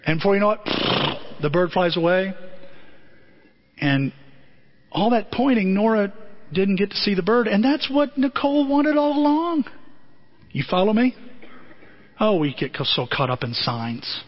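Guy pastor giving a sermon, high voice, acts out little stories, kinda muffled audio. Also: a little slow, long pauses. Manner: animated storytelling, acting out voices of people in his stories.

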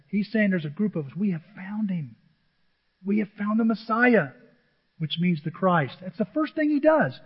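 A pastor preaching a lively sermon to his church, acting out quotes in different voices. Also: sits high, normal speed, breathy edge. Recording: dull lo-fi sound with long hall reverb.

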